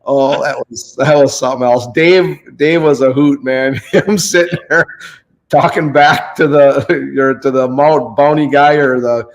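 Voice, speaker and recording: A man's voice: medium pitch, fairly even intonation, a little slow, low-quality recording. A man hosting a casual chat, telling a rambling fishing story and often stopping to search for names. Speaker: host.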